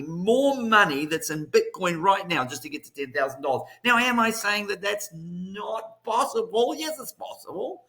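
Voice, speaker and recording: A man's voice: high-pitched, bright, forceful tone. A man hosting a crypto trading show, talking in a chatty, upbeat way with strong rhythmic emphasis. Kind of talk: casual market commentary.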